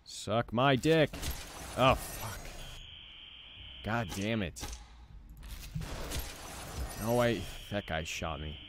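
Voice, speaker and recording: A man's voice: lowish voice, expressive, drawn-out words, long pauses, noisy background. A young man giving let's play commentary as he plays, frustrated, swearing and repeating himself. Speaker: gaming channel host.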